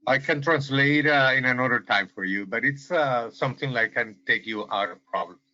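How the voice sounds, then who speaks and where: A man with a mixed Israeli and South American accent joins an online call, friendly and slightly hesitant. His voice is bright and sharp, with dull, lo-fi audio. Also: medium pitch, normal speed. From Israel, lived in South America. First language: Hebrew or Spanish. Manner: friendly, hesitant, laughs easily. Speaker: caller. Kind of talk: casual video call chat. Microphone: video call.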